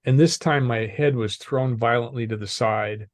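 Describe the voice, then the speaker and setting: An older man, a guest on an interview show, calmly telling a personal story and laughing often. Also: medium pitch, no room sound, clean studio sound. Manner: calm, measured, laughs often. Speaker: podcast guest, executive coach.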